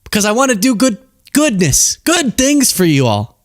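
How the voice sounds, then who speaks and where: A man's voice: high-pitched, moderate pace, dry recording, clean studio sound. A man hosting a commentary podcast, ranting in an emphatic way and laughing often. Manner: animated, emphatic, laughs a lot. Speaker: podcast host.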